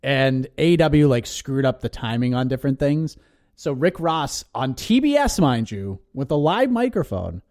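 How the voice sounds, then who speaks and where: Animated man on a podcast. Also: medium pitch. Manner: animated, laughing, rising to excited ranting. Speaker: co-host. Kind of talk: casual podcast chat.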